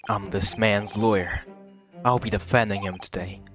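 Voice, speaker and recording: A man's voice: lowish voice, fairly even intonation, moderate pace, music in the background, natural voice. Man reading as a cool, firm young lawyer. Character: confident young male lawyer, proud and protective.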